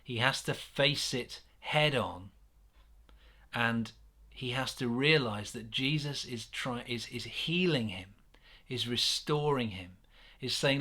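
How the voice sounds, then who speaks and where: A man with an English accent giving a gentle, earnest sermon reflection, with many pauses and restarts. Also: medium pitch, expressive. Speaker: church minister.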